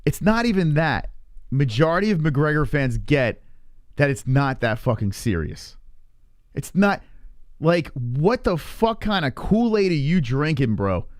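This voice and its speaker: A male streamer ranting heatedly to his chat, with lots of profanity. His voice sits fairly high and swings widely in pitch, and the sound is dry and close to the mic. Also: sing-song, unhurried, no room sound. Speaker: live stream host. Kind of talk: casual rant on a live stream.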